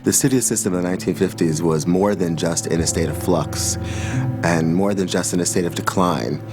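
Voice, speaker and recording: Deep-voiced man, measured and analytical. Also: over music. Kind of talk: documentary interview.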